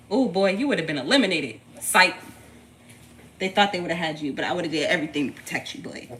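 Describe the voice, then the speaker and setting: This tarot reader and streamer has a lowish, fairly bright voice and talks fast and animatedly. Loose and teasing, she uses slang and profanity, breaks into laughter, and talks to a baby in between readings.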